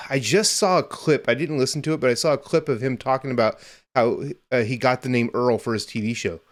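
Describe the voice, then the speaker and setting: A man's voice: medium pitch, brisk. A man in his fifties hosting a podcast, telling long rambling stories in casual chat and swearing now and then. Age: 50s. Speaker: podcast host.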